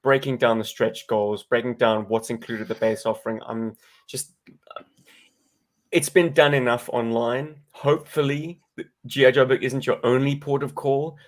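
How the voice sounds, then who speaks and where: A man's voice: medium pitch, steady tone, moderate pace. Man, live-stream co-host, articulate, long wordy sentences. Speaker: podcast co-host. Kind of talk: casual live-stream chat.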